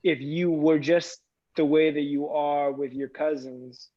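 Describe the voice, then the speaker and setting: A man co-hosting a casual workplace discussion, talking in halting bursts with many restarts. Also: a little high, steady tone, darkish tone, lo-fi sound. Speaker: podcast co-host.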